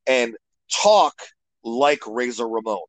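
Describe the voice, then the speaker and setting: A man of middle pitch talks wrestling in an opinionated, rambling way, stopping to restart his sentences. He is close to the mic and the sound is very dry. It comes across as an unscripted podcast chat. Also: animated, slow pace, no echo, poor audio. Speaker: guest wrestling commentator. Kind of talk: casual podcast interview.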